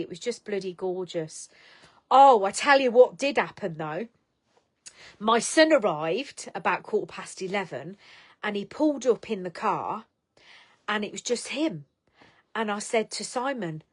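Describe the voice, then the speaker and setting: A woman's voice: medium pitch, expressive, unhurried. A middle-aged woman hosting a casual live stream, chatting bluntly, swearing freely and giving tough-love pep talks to viewers.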